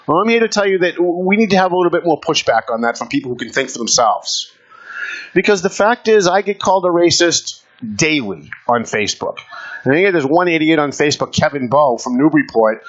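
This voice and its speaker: Male talk show host, fiery ranting monologue, slightly high voice, dull lo-fi sound. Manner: combative, emphatic ranting. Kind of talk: opinion monologue.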